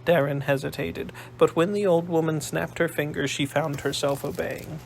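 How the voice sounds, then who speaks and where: A man narrating an audiobook in a measured storytelling manner. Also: a little high, little pitch movement, gravelly, slight background noise, rough recording.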